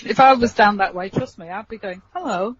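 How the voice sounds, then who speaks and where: A woman's voice: mid-range voice, fairly quick, lo-fi sound, a crowd in the background. A woman co-hosting a podcast, chatting playfully and laughing often. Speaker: podcast co-host. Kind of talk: casual interview chat.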